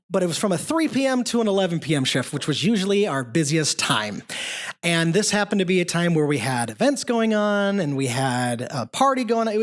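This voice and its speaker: A storyteller performing a story live in a pub, chatty and self-mocking, with frequent asides to the audience. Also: medium pitch.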